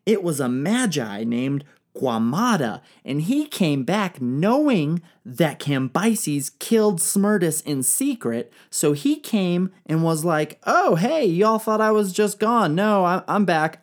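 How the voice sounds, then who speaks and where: A woman with a low voice tells ancient history as a comedy, swearing and slinging slang as she goes. Her delivery swings widely in pitch, animated and playful. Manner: irreverent, profane, slangy, jokey.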